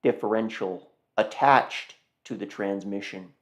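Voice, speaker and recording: A man's voice: mid-range voice, unhurried. A man hosting a live car auction stream, chatting casually and rambling, often repeating himself and talking to viewers as "guys". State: yawning, tired. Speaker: car auction livestream host.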